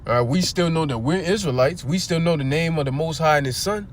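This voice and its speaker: A man's voice: a little high, fairly quick, slight background noise. A man preaching informally on a livestream near a street. He reads scripture aloud, asks his listeners rhetorical questions and swears bluntly as he drives his points home. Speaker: preacher streaming a scripture teaching.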